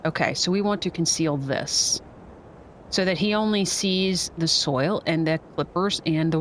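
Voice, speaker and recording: A woman streamer commentating as she plays a video game, thinking out loud with playful asides. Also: on the low side, measured pace, a little hiss or hum. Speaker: gaming streamer. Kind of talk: let's play commentary. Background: game music.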